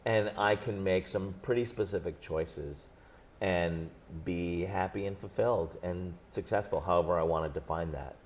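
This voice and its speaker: A man in his thirties, a book's author, talking in an animated, jokey way in an interview on a set. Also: low voice, a little hiss or hum. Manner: animated, jokey, quick bursts. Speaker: author guest. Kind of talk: conversational interview. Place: studio set.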